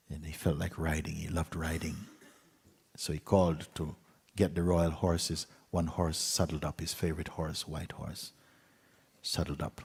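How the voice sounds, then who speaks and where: A male spiritual teacher tells a fable to his listeners at an easy, unhurried pace. He speaks in a low, breathy voice that drops at times to a near whisper. A long hall reverb hangs behind every phrase. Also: flat delivery. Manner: unhurried telling with pauses, dips to a hushed whisper. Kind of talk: storytelling talk to an audience.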